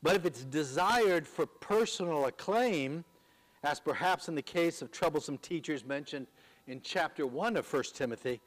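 A man delivering a Bible-study sermon with an earnest, measured manner. His voice sits a little high, and he slows deliberately on the words he wants to land. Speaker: preacher.

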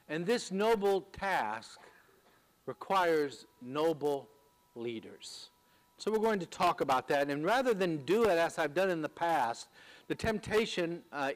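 A man delivers a sermon in a fairly high voice. He teaches at a measured pace, stopping often on fillers and repeating words as he works through his point. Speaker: pastor.

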